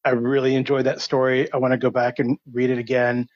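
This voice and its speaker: A man's voice: mid-range voice, monotone, fairly quick, no room sound. A man calling in to a podcast with a friendly, offhand message. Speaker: caller, fellow podcaster. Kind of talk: voicemail call-in. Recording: dry, dull lo-fi audio.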